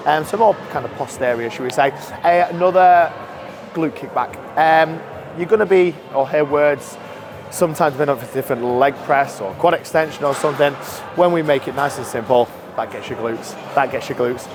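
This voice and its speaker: Chatty man touring a noisy gym. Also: fairly high pitch. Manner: chatty, informal, self-deprecating. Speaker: gym staff giving a tour. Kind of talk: casual walkthrough explanation. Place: large indoor gym.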